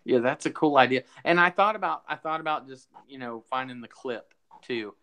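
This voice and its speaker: A man's voice: mid-range voice, a little fast, pushed and bright, poor audio. A man co-hosting a podcast, rambling casually with lots of fillers and restarts, a little out of breath. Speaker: podcast co-host. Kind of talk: casual chat.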